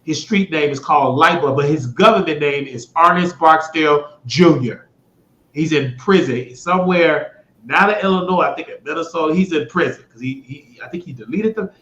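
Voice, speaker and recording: A man hosting his own show, talking in a blunt, rambling monologue that swears freely and swings between loud bursts and mutters. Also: a little high, moderate pace. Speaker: show host. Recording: echoey room, dull lo-fi sound.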